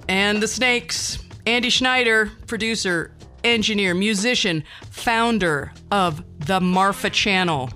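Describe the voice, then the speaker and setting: Podcast host, bright voice, rambly wry storytelling, laughs a lot, faint music behind. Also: medium pitch. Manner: rambling and wry, laughs often between phrases; upbeat self-help closing pep talk. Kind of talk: casual monologue storytelling.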